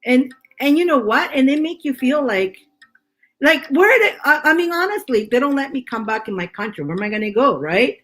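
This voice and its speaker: A woman's voice: high-pitched, lively intonation, brisk, a bit bright. A woman from Canada, a tarot reader, in rambling casual chat full of restarts. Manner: chatty, rambling, with many restarts.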